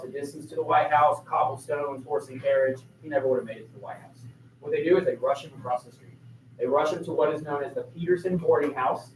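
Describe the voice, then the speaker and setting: A male teacher giving a history lecture to a class, telling the story with energy and throwing questions to the students. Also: a little high. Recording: echoey room, mic far off, faint noise.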